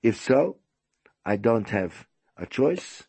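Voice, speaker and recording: A man's voice: mid-range voice, big pitch swings, slow pace, dark tone, husky, no echo, heavily acted. A man voicing an older male host who keeps pleading and insisting with a guest. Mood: stern.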